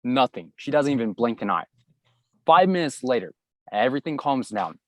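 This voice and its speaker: A young man in his twenties telling a school story in a casual, animated way, playing out the voices of the people in it. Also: mid-range voice, moderate pace, no room sound. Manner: animated anecdote telling, acts out quoted voices. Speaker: guest YouTuber.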